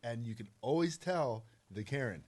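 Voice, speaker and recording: A man chats casually on a podcast, rambling and firing off rhetorical questions. His voice is mid-pitched and loose, full of filler words. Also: expressive, moderate pace, a little mellow. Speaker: podcast co-host. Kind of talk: casual chat.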